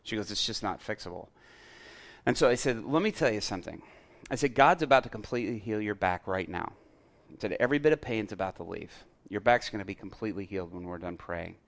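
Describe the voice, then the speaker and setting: A middle-aged man preaching, his voice sitting a little low. He tells a story in sermon style, acts out the dialogue, and rises loud and animated at the big moments. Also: quick pace. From Chicago area. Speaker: pastor.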